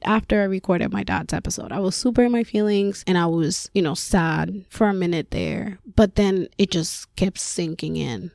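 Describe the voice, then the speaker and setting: Candid woman podcaster with a gravelly edge. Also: lowish voice, mellow, no room sound, studio quality. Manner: candid, emotional, rambling with many fillers. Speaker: podcast host. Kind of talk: personal solo podcast.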